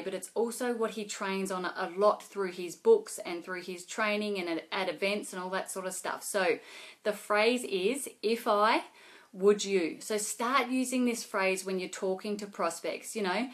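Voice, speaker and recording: A young adult woman who vlogs about network marketing gives casual sales advice straight to camera. She sounds relaxed and chatty at an ordinary middle pitch, frequently circling back with fillers and restarts as she explains her tips.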